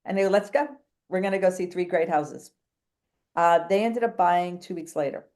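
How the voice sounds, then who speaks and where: A woman's voice: fairly low pitch, normal speed, darkish tone. A woman, a real estate agent telling a long story as a podcast guest, chatty and jumping between thoughts while acting out quoted dialogue. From New England. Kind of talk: animated storytelling in a podcast interview.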